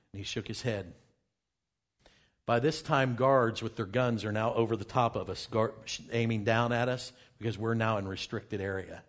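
A man in the middle of his pitch range, recounting an adventure to an audience in a storytelling way. He points to pictures as he goes. He lets his voice sink low and quiet when he acts out tense conversations. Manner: dramatic storyteller, drops to hushed tones for quoted exchanges. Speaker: speaker presenting travel findings. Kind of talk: storytelling talk with slides.

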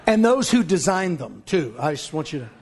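A man preaching a sermon as pastor, emphatic and scornful, breaking into shouts. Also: a little high, very animated, normal speed, creaky, slight background noise.

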